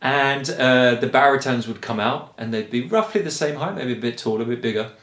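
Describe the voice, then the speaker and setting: A man from England with a Kent accent, a choir director explaining singing in a relaxed, rambling way with frequent ums. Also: medium pitch, fairly quick, roomy sound. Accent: Kent English. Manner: chatty and rambling, with frequent ums and light laughs. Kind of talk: relaxed spoken lesson.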